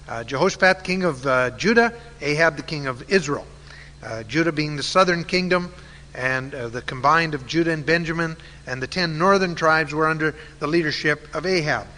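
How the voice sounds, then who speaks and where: Bright-voiced man teaching a sermon. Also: fairly high pitch, lively intonation, moderate pace. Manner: conversational, with frequent uh fillers. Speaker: Bible teacher. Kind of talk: sermon, Bible storytelling. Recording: long hall reverb.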